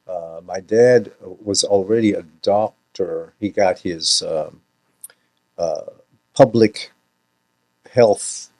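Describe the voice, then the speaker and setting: Wry, deadpan man from the Philippines. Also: low voice, slow, long pauses, dry recording. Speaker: actor, guest. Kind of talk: casual interview chat.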